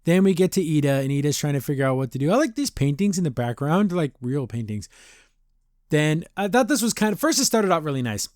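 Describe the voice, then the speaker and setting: A man with a fairly high voice gives a loose, chatty podcast recap of a cartoon episode. He circles back and restarts often, and keeps dropping into quick paraphrased impressions of the characters. The sound is dry and close, with no room around it. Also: very animated, a little mellow, no echo. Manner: rambling, loose retelling with frequent restarts and fillers.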